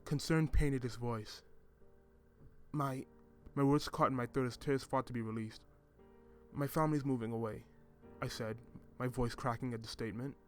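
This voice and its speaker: Man, storyteller, measured, reflective, mid pitch, soft music behind. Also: fairly even intonation. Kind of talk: first-person story narration.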